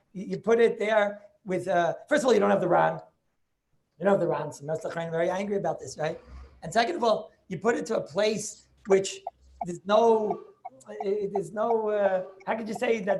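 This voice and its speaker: A man's voice: sits high, creaky, a little mellow, slight background noise. A man making a Talmudic argument in an online Torah class over a video call. He talks eagerly, restarts his sentences and keeps checking with "right?".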